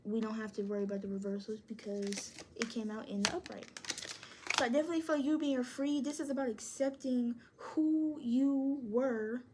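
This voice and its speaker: A woman's voice: on the high side, steady tone, moderate pace, noisy background. A woman reading tarot to camera, encouraging and speaking straight to the viewer, thinking aloud as she pulls cards. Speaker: tarot reader.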